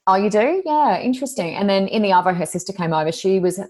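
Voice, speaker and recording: An Australian woman, a psychic medium and podcast co-host, chatting casually and telling animated stories with high-pitched exclamations. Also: fast talker. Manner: animated storyteller, acts out quotes with high exclamations. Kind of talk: casual chat.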